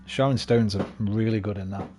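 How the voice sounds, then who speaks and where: A man's voice: fairly low pitch, fairly quick, noisy background. A young man rambling casually and swearing freely while streaming a game. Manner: rambling, sweary, laid-back. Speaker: gaming streamer. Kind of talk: casual chat while gaming.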